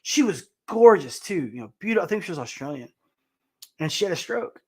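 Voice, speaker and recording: A man's voice: sits high, very animated, a little fast, a little mellow, slightly rough. A man hosting a casual show, talking bluntly about the news with swearing, fillers and restarts. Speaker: host. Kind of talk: ranting commentary on news clips.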